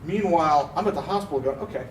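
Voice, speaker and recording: A man from Pennsylvania, co-hosting a car podcast, telling a story in a casual, animated way and acting out the voices he quotes. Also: medium pitch, a little fast. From Pennsylvania, USA. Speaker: podcast co-host. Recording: roomy, distant mic with faint noise.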